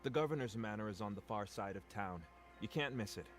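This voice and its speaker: A man's voice: on the low side, animated, fairly quick, faint music behind, lightly acted. An actor playing a wry male townsman in a video game, dryly passing on local news and warnings. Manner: dry, wry, conversational.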